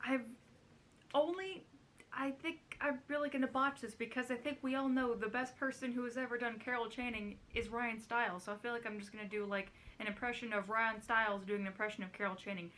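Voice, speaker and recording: A woman's voice: fairly high pitch, steady tone, fairly quick, pushed and bright, slight background noise. A young woman author chatting casually and a little nervously to camera in a vlog, with frequent giggles. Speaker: author and vlogger.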